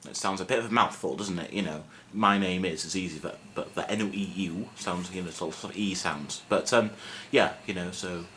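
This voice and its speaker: Young male tutor, casual self-mocking delivery, bright and tense tone, light background noise. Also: low-pitched, normal speed, hardly any pauses. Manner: relaxed, self-mocking, chatty with many fillers. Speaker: Welsh language teacher. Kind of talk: casual video lesson.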